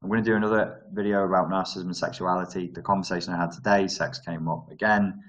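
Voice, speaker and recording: A man with a deep, low-pitched voice talks off the cuff on a live stream, working through viewer comments. He rambles, breaks off his own sentences and drops in wry asides as he goes. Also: flat delivery, fast, fairly bright tone, highs cut off.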